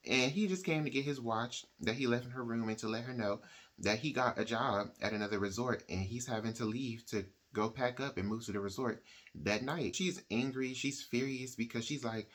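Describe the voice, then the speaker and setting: A man of ordinary pitch recaps a book in an easygoing, conversational way. He strings events together with "like" and slips into the characters' voices as he goes. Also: normal speed, fairly bright tone. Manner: chatty, uses "like" and "she's like" quotes. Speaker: book reviewer. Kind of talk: casual plot retelling.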